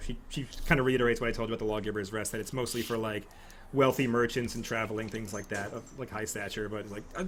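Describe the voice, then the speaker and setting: A man's voice: lowish voice, steady tone, fast talker, fairly bright tone, slight background noise. A man running a tabletop game as game master, narrating loosely with lots of fillers.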